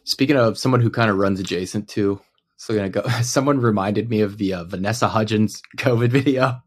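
A man's voice: fairly low pitch, fairly quick, slightly rough. A man co-hosting a podcast in casual chat, teasing and joking crudely while often breaking into giggles. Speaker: podcast co-host.

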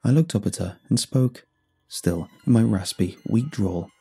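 A man giving tense, scripted first-person horror narration with hushed drops in his voice. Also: on the low side, animated, unhurried, gravelly, slightly rough, soft background music.

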